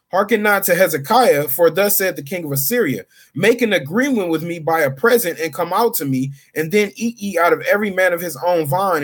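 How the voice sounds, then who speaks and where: A man reading scripture aloud and paraphrasing it in casual, slangy street talk as a bible teacher. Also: high-pitched. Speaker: street preacher.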